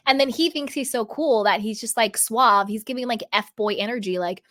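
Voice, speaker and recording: A woman's voice: fairly high pitch, fairly quick. A woman host giving sassy, casual commentary on a reality show, often acting out what people say. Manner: sassy, animated, mimics people in quotes.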